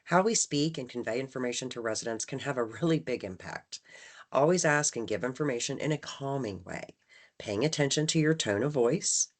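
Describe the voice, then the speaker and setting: A woman's voice: a bass voice, expressive, fairly quick. A woman leading a staff training session, talking conversationally and often checking in with "right?". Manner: acts out phrases with shifting emphasis. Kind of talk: training presentation.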